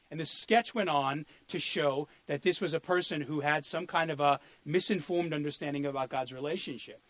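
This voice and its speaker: A man's voice: on the high side, brisk, few pauses, a bit bright, dry recording. A male pastor preaching an earnest sermon, sometimes repeating words as he searches for them.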